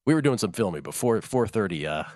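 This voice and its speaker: Low-voiced male sports betting host. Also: very animated, fast talker, darkish tone, dry recording, studio quality. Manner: rambling, jokey, self-interrupting. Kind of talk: casual sports talk.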